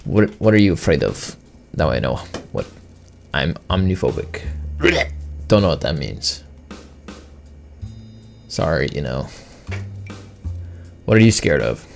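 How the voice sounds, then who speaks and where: Male gamer host, dry sarcastic commentary, unhurried delivery with a lively, swinging pitch. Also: gravelly, faint music behind. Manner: sarcastic, mock-offended banter with on-screen characters. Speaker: gaming video host. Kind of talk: gameplay commentary, reading game text aloud.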